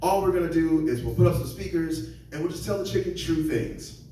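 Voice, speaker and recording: Brisk and on the high side, with a warm tone, a Seattle-area comedian rambles through self-deprecating stand-up at a club, putting on voices for those he quotes. A distant mic, heavy echo and a bit of hiss or hum mark the recording.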